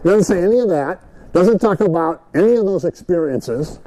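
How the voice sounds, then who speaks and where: Teaching a group the Bible in a conversational sermon, a man speaks at a moderate pace in a high-pitched voice, animated throughout. He frequently checks in with "right?" and acts out quoted speakers, on a low-quality recording with a little hiss or hum.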